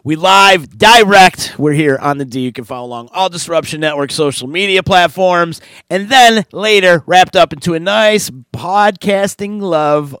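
A man hosting a live radio podcast, reading sponsor spots and chatting in a loud, jokey, hyped way. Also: fairly high pitch, smooth, no room sound. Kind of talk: casual live show chat with sponsor reads.

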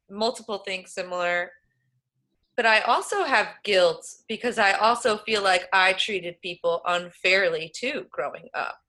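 A woman's voice: mid-range voice, sharp tone. A woman from the New York City suburbs hosting a casual conversation, talking in an earnest, sympathetic way. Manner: earnest, sympathetic, grows indignant. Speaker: podcast host.

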